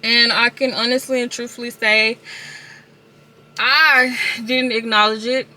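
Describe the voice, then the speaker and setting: A woman's voice: a little high, steady tone, a little slow, bright, forceful tone. A woman vlogger speaking candidly and casually, telling viewers about her own life in a personal confessional video. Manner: candid, casual storytelling, addresses viewers directly.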